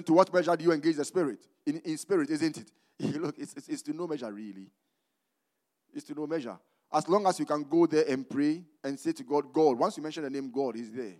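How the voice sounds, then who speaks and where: Man preaching with call-and-response. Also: a little fast. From Ghana. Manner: call-and-response preaching, asking "what?" for the congregation to finish; swings between loud emphatic proclaiming and low conversational asides. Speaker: pastor. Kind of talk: sermon.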